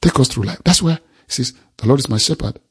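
A man's voice: mid-range voice, animated, fast talker, slightly rough. A man preaching a sermon, reading scripture aloud and expounding it, repeating phrases for emphasis.

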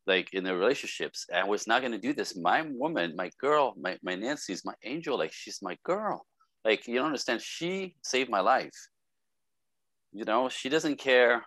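A man's voice: mid-range voice, lively intonation, normal speed, a bit bright, dry recording. A man with a French accent speaking as a podcast guest, earnest and emotional, in broken, restarting phrases. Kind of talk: casual interview talk.

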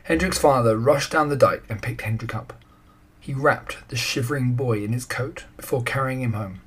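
A man reading a children's story aloud in a calm, even storytelling manner. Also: mid-range voice, normal speed, slightly rough.

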